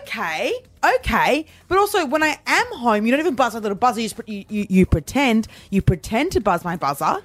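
A woman co-hosting a podcast rants in exasperation during casual chat, acting out small quoted exchanges. Her voice is on the high side with big pitch swings and a fairly quick pace, in a dry recording.

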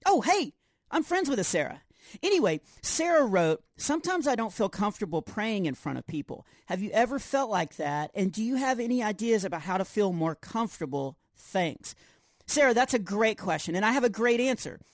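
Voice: medium pitch, sing-song, brisk, no echo. Adult playing a goofy, boastful boy hero for a kids' podcast, bouncy sing-song delivery, dry studio sound. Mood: cheerful. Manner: boastful, self-deprecating jokes. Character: goofy overconfident boy superhero. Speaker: co-host. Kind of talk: scripted kids' podcast comedy.

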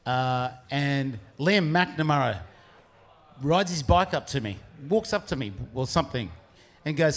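A man's voice: a little high, expressive, measured pace. Rambling man spinning a yarn. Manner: rambling, restarts often, laughs through punchlines. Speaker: pro surfer telling a story. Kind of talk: casual storytelling.

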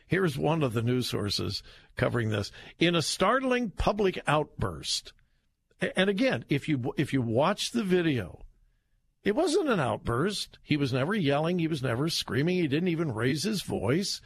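Slow, lively-pitched male talk host. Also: gravelly, husky, no echo. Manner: emphatic, conversational, reacting to headlines. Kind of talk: political commentary.

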